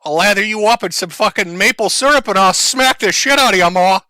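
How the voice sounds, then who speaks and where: A man's voice: high voice, a little fast, dry recording, clean studio sound. A male streamer giving crude, mocking comedic commentary on a played clip. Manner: loud, mocking, profane.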